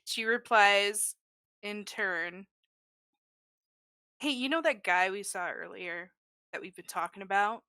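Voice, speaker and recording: A woman with a bright, forward voice plays in a tabletop game. She narrates her character and trips over the name. The sound is close and dry, with little room. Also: mid-range voice, slow pace, pauses often, clear, resonant tone, no room sound. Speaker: player.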